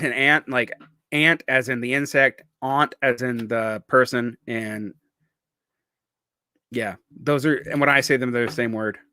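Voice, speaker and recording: A man's voice: mid-range voice, sharp tone, dry recording. Rambling man with a faint Southern accent. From Southern United States. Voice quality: speech impediment blurring r, l and w sounds. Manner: rambling and digressive, with many restarts. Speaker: vlogger. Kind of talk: casual monologue.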